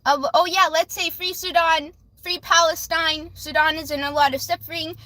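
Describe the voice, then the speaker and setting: A woman with a very high, pushed, bright voice and steady tone hosts a livestream at a moderate pace, doing readings for viewers. Her emotional, casual talk rambles and restarts, and she says "flip" instead of swearing. The recording is dry.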